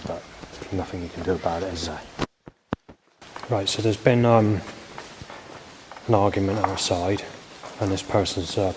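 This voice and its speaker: Rambling, swearing man in his forties. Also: low voice. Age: 40s. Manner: rambling, hesitant, swears often, many fillers. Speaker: vlogger. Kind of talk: rambling spoken video diary. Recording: faint background noise.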